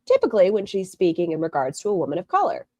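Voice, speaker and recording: A woman's voice: on the low side, wildly swooping pitch, quick pace, darkish tone, dry recording. A woman hosting critical reaction commentary, blunt and sarcastic. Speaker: commentary host.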